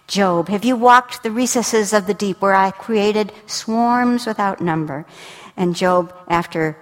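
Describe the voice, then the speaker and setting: Woman teaching scripture in a reverberant hall. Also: on the low side. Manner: intimate storytelling, drops to a soft whisper for God's words. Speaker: Bible teacher. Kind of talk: sermon.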